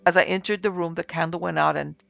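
A man doing a weak, shaken old-fashioned gentleman. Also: fairly high pitch, steady tone, quick pace, vocal fry, no echo. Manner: weak, faltering. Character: shaken middle-aged English baronet, weak and unnerved. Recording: slightly muffled with soft music.

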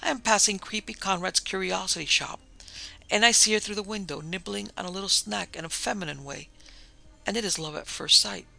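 A man's voice: high voice, fairly quick, gravelly, sharp tone, voice pushed up, exaggerated voice, rough recording. A man voicing a lovesick male zombie gangster who talks earnestly in formal phrases without contractions. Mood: smitten.

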